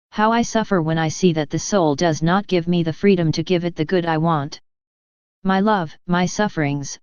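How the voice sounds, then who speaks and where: A woman's voice: fairly low pitch, a little mellow, clean tone, no room sound, lightly acted. A woman reading the words of a sorrowful divine man who pleads for love, in a solemn, earnest way. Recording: dull, slightly lo-fi dry recording.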